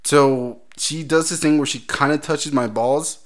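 A man's voice: fairly high pitch, measured pace. A man in casual podcast chat, telling crude stories with lots of laughing and quoted voices.

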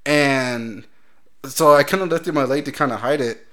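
A man's voice: medium pitch, moderate pace, a bit bright. A man in casual podcast chat, telling crude stories with lots of laughing and quoted voices.

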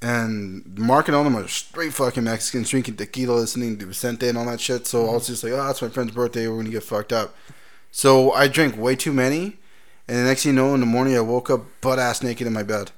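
A man hosting a loose, profane podcast and telling stories in a relaxed, crude way. His voice sits at an ordinary mid pitch for a man. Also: a little fast. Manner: profane, laughing, reads out news stories. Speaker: podcast host. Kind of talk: casual crude podcast chat.

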